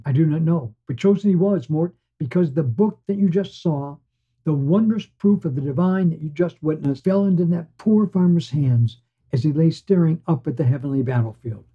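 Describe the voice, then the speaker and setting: Male storyteller, measured wistful read, slightly high husky voice, muffled sound. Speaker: podcast storyteller. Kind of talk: scripted first-person story narration. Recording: dull lo-fi sound.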